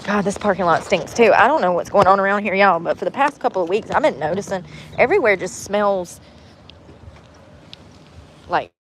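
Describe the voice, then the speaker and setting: A woman's voice: medium pitch, moderate pace, long pauses, a little hiss or hum. A woman, livestreaming casual chat from a parked car, rambling and candid and laughing often. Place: parked car in a parking lot.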